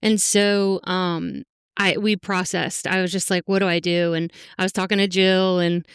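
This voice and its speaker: Earnest middle-aged woman with a smooth voice. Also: lowish voice, steady tone, no echo, studio quality. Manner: heartfelt, halting, full of fillers. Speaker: podcast guest. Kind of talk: emotional personal interview.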